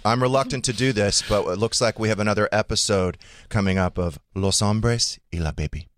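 A man hosting a talk show, lively and joking with his guests. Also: on the low side, a little fast, no room sound, clean studio sound. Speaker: radio host. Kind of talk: morning radio talk.

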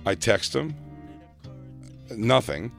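A man co-hosting a comedy talk show, telling stories in a casual, animated way and slipping into quick impressions of family members. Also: creaky, faint music behind. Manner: animated, jumps into high-pitched impressions of family. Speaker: podcast co-host.

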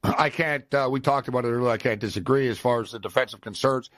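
A man's voice: mid-range voice, fast, dry recording. A man hosting a sports talk show, chatting casually and joking between betting picks. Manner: joking storyteller, lively banter.

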